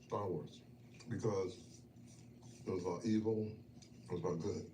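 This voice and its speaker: A man in casual chat over a meal, telling personal stories with feeling. He drops to quiet murmurs, then rises into loud bursts. The sound is roomy and noisy, with the mic some way off. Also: fairly even intonation, normal speed. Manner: emotional, storytelling, swings from low murmurs to loud bursts. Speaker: guest. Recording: echoey, distant, noisy room.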